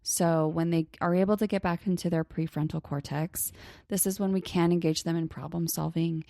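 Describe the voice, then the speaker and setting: Calm, low-voiced woman explaining parenting. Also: moderate pace, gravelly, dry recording, clean studio sound. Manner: calm, explanatory, slips into soft hushed example phrases. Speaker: therapist and podcast co-host. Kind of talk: casual teaching on a parenting podcast.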